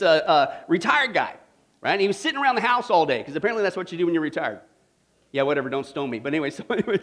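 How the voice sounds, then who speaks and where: A man preaching a sermon, telling a funny story with lively asides and frequent "okay?" check-ins. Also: high-pitched. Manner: joking storyteller, animated, many "okay?" and "right?" asides. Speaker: pastor.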